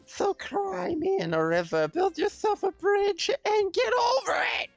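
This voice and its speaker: A man voicing a girl's snippy inner voice in a squeaky falsetto, taunting in a sing-song way. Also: wildly swooping pitch, unhurried, creaky, dry recording, lo-fi sound, faint music behind, heavily acted. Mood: mocking.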